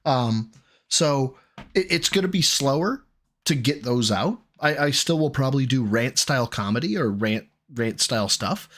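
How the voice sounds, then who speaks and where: A man's voice: mid-range voice, expressive, moderate pace, fairly bright tone. A man hosting a live stream, ranting bluntly and swearing, reading out donations between rants. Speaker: streamer host.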